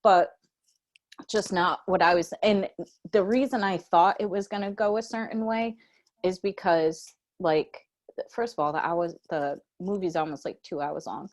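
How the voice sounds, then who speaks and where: A woman co-hosting a casual chat, telling a story in a slangy, animated way and jumping high in pitch when she quotes herself. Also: unhurried. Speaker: podcast co-host.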